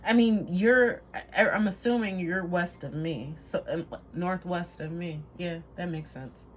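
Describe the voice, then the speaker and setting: A woman's voice: lowish voice, unhurried, slight background noise. A woman giving a casual tarot reading to camera, rambling, trailing off and laughing at herself. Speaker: tarot reader.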